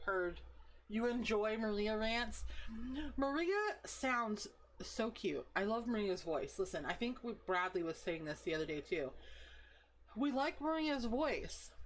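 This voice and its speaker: A woman's voice: mid-range voice, a bit bright. Woman, 30s, live streamer, casual rambling chat, swears a lot, laughs often, faint background noise.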